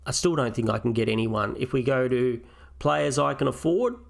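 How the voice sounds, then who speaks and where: Male host, gravelly texture, casual solo review, talks through choices out loud. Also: medium pitch, moderate pace. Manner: thinks aloud, weighing options step by step. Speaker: fantasy football channel host.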